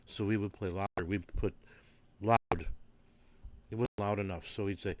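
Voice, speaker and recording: A man's voice: fairly low pitch, fairly even intonation, normal speed. An older man, a former orchestra percussionist, tells stories casually in a rambling, digressive way with wry humour. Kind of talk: casual anecdotal storytelling.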